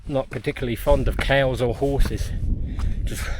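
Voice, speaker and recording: A man's voice: medium pitch, fairly even intonation, moderate pace, slight background noise. Chatty man hiking outdoors. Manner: chatty, rambling, talks to animals and camera. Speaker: vlogger. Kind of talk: casual hiking vlog. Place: outdoors on a mountain trail.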